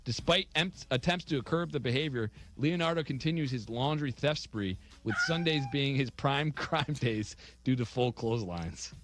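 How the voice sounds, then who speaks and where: A man's voice: medium pitch, animated, moderate pace, few pauses, a bit bright. A man co-hosting a radio show, reading offbeat news stories aloud and chuckling at them.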